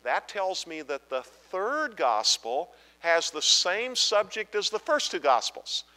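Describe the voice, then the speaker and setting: A man's voice: high voice, sing-song, slow, pushed and bright, long reverb tail, rough recording. A man preaching a Bible-teaching sermon, emphatic and asking the congregation repeated questions.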